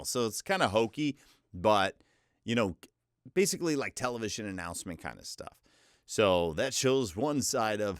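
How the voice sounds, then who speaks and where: 40s guy talking voiceover tips, kinda low voice that cracks, easygoing and self-deprecating, dry close sound. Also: lively intonation, moderate pace, clean tone, no room sound. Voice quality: voice often cracks. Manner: chatty, self-deprecating, loose. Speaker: voiceover coach. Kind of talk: casual instructional talk.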